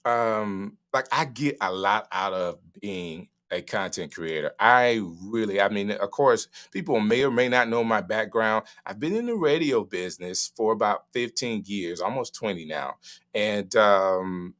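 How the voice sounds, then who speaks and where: A middle-aged man with a Southern US accent, hosting a live stream from his studio and giving emphatic, animated advice. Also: measured pace. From Southern United States. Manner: animated, emphatic, varying pitch and pace. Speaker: live streaming show host. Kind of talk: casual advice talk to a live audience.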